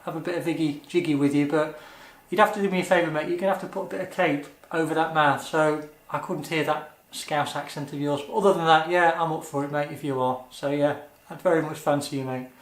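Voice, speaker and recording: A man answering viewer questions in a casual vlog, earnest and chatty, pausing often with ums. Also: a little high, steady tone, echoey room.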